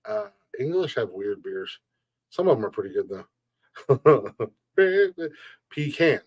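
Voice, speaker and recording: This man hosts a laid-back live-stream podcast, reading chat aloud in a mid-range, slightly rough voice that is very animated yet slow-paced. The recording is dry, and his rants are blunt, profane and joking, broken up by frequent laughter.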